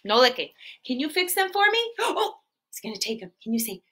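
A woman children's entertainer telling a story to preschoolers in an animated, sing-song way and asking the kids questions. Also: high-pitched, fairly quick, breathy edge. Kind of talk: preschool storytelling live stream.

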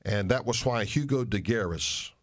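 A man's voice: on the low side, animated, normal speed. An older man, a pastor, making an earnest and emphatic appeal to his listeners, repeating phrases for stress. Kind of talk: radio sermon and ministry appeal.

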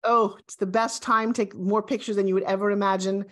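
A woman in her sixties, a guest, talking in an emphatic, animated and self-assured way in a motivational interview. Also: mid-range voice, fairly quick. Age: 60s.

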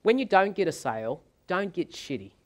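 A male sales trainer delivers a seminar, telling his anecdotes with animated, dramatic flair. His voice sits a little high for a man. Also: moderate pace.

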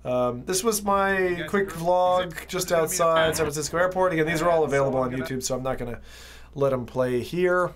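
A man's voice: fairly high pitch, moderate pace, crowd noise. A man, a VR streamer telling trip stories in a casual, rambling vlog full of fillers. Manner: rambling storytelling with many fillers.

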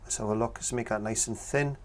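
A man, talking through a painting tutorial in a relaxed, chatty way as he works. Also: fairly low pitch, brisk, slight background noise. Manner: relaxed, chatty, talks while working. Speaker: painting instructor.

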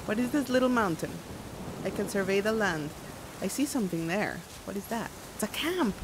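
A woman's voice: mid-range voice, expressive, normal speed, noisy background. A woman streaming a game, chatting with viewers and squealing when enemies attack. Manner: chatty, giggly, reading chat aloud; bursts into squeals and shouts at enemies. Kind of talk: casual gameplay commentary. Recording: music playing behind.

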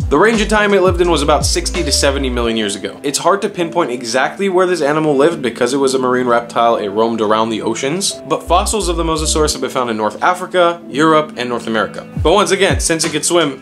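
A young man hosting an educational video with animated, jokey delivery and playful asides. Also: mid-range voice. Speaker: host. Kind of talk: upbeat educational YouTube talk. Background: music.

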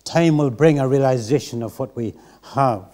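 A man's voice: medium pitch, moderate pace, mellow. A man preaching a sermon in church, earnest and reflective. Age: 60s.

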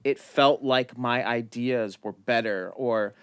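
An American man hosting a podcast, talking in a relaxed, rambling way with lots of "like.". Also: medium pitch, takes it slowly, clean tone, no room sound. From United States. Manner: relaxed, many fillers like "like". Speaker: podcast host. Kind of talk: casual conversation.

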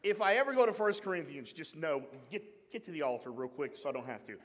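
High-voiced animated pastor preaching. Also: male voice, quick pace. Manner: humorous, animated preaching with call-and-response to the congregation. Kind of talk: sermon. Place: church sanctuary. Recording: long hall reverb in church.

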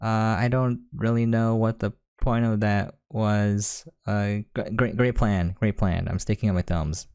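A man's voice: on the low side, steady tone, measured pace, few pauses, darkish tone, clear, resonant tone, dry recording, clean studio sound. A man giving a casual, sarcastic and exasperated rant as an anime reviewer.

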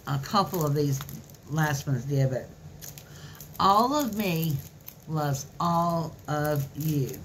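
Brief: low-voiced woman vlogger, gushy and folksy, soft packaging crinkle behind her. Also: animated, takes it slowly, a little hiss or hum. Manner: gushing, chatty and folksy. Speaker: craft vlogger. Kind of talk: casual haul video chat. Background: faint crinkling of plastic packaging.

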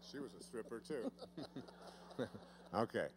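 With lively intonation and a mid-range voice, a man runs a demonstration before a live seminar audience, poking fun at a volunteer and drawing out important words. The volunteer holds the handheld microphone, and background noise is audible.

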